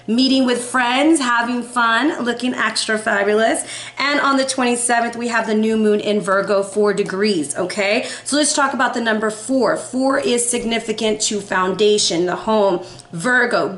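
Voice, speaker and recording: A woman's voice: on the high side, a bit bright, roomy sound. A woman in her forties giving a casual, upbeat tarot reading, chatty and often checking in with "okay?". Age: 40s. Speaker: tarot reader.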